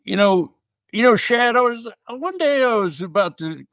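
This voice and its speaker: A drawling older Texan ballplayer spins a folksy yarn, as a man puts him on, his voice pushed up well above the speaker's own natural pitch. The Southern drawl is easygoing and unhurried, and it sits in a dry, close-miked sound with no room around it. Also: animated, a bit bright, no echo, full character voice. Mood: folksy storytelling. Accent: Southern US drawl, as put on.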